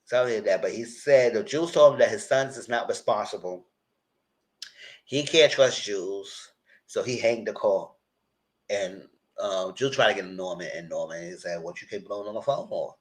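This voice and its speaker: Speaking at a normal speed in a fairly low voice, this TV show reviewer walks his viewers through a TV episode in a casual live recap. He's chatty and addresses them directly, animatedly performing the characters' quoted lines along the way.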